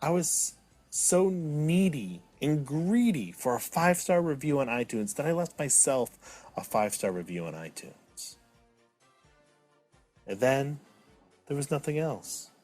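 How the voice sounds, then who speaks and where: A man's voice: fairly high pitch, animated, measured pace, a little mellow, soft background music. A man in his thirties hosting a comedic solo podcast, talking with mock drama that swings from mopey to indignant. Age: 30s. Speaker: podcast host.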